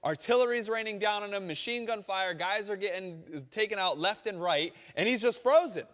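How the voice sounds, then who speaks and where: A man preaching a sermon, telling a story with animated quoted voices. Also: high voice, normal speed, in a large hall. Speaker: pastor.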